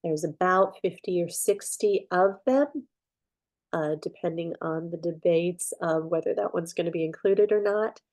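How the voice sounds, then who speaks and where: A woman's voice: lowish voice, unhurried, darkish tone. A woman introducing herself as narrator of a yearly Bible reading, talking casually with fillers and restarts.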